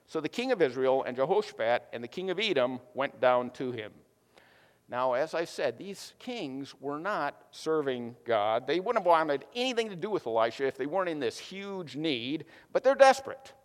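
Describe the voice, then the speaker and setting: Male preacher, casual chatty sermon, somewhat high voice, long hall reverb. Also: big pitch swings, normal speed. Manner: casual, chatty storytelling with many fillers.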